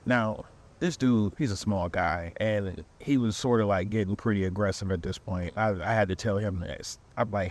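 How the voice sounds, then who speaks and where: A man hosting a podcast, telling a comic dating story in animated, slangy speech. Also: on the low side, moderate pace. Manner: animated, slangy, quotes people with voices. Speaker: podcast host. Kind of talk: comedic storytelling.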